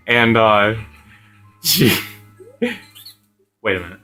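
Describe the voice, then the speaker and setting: A man's voice: mid-range voice, lively intonation, slow, long pauses, pushed and bright. Young man, gaming host, rambling swear-filled anecdote, game music faint behind. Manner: profane, rambling, laughs often. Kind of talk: casual storytelling while playing.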